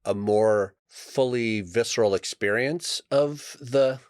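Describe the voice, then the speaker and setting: A man's voice: mid-range voice, slow pace, darkish tone, smooth, no echo, studio quality. A man on a podcast in casual chat, reflective and frank, swearing casually as he thinks aloud. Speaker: podcast regular.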